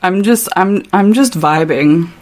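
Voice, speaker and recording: A woman's voice: fairly low pitch, darkish tone. A woman co-hosting a podcast, chatting casually about a book, laughing and reading passages aloud. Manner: chatty, giggly, quick asides. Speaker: podcast co-host.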